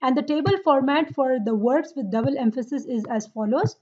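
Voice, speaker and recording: A woman teaching Arabic grammar, slowly drilling word forms and checking in with her students. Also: high voice, warm tone, dull audio. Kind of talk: lesson on Quranic Arabic grammar.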